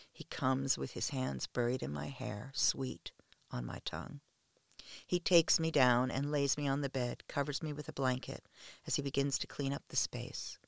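A man reading a first-person story aloud in a slow, hushed, measured way. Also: mid-range voice, creaky, no echo, studio quality.

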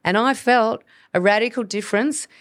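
A woman with a higher voice speaks at a moderate pace, hosting a solo educational podcast as a hormone practitioner. Her manner is earnest and coach-like, and she acts out inner voices, recorded at studio quality without echo.

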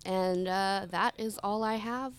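A woman's voice: mid-range voice, fairly even intonation, slow, clean tone, dry recording. A young adult woman co-hosting a casual podcast, chatty and self-deprecating as she runs through her notes. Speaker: podcast co-host. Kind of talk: casual chat.

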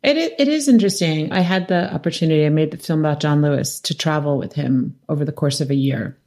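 A middle-aged woman, a documentary director, telling animated stories in a podcast interview and acting out quotes. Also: low voice, fast talker. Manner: animated storytelling, laughs often, acts out quotes. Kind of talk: conversational interview.

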